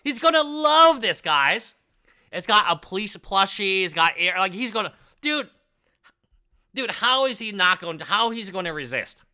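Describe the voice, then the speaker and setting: A man hosting a casual live stream, talking in excitable, rambling, jokey bursts. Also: high voice, moderate pace, smooth.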